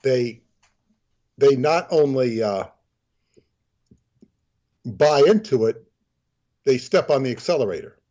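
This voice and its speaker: A man speaks slowly and deliberately, pausing often to find his words. His voice sits at an ordinary middle pitch, and the recording sounds muffled and lo-fi. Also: big pitch swings, warm tone. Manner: measured, halting, with frequent ums. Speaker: co-host. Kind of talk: discursive commentary. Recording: dull lo-fi line.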